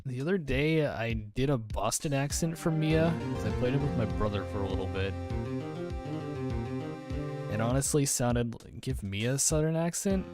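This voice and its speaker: Easygoing let's play host, animated intonation, game music bed. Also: mid-range voice, normal speed. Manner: chatty, joking, asks chat. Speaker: streamer.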